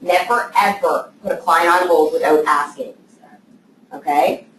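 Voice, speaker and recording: A woman's voice: sits low, a little slow. A woman giving a casual training talk to a live group of assistants, checking in with them often. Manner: conversational, checks in with "okay?". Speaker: trainer for real estate assistants. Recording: echoey room, voice from far off, faint noise.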